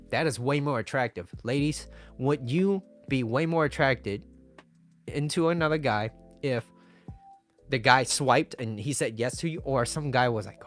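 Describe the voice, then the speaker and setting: A man gives dating advice in a loose, conversational way, tossing in "right?" as he goes. His voice sits at an ordinary middle pitch. Faint music plays underneath. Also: a bit bright. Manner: chatty, conversational, often asks "right?". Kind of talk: casual advice talk to viewers.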